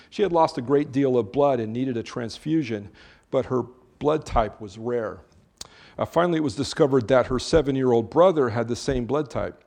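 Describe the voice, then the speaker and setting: Male pastor mid-sermon, mid-pitched, conversational and earnest with light asides. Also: creaky, a little mellow. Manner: conversational, joking asides between earnest preaching.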